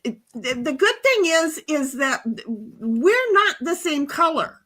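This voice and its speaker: A woman in her fifties, hosting a livestream and telling stories in casual chat, animated and frank, swearing and restarting her sentences. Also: sits high, slow pace. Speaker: livestream host.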